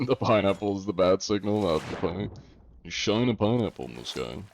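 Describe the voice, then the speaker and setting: A young man chatting casually on a live stream, reading chat and answering in a relaxed way. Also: low voice, a little fast, creaky, a little hiss or hum. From United States.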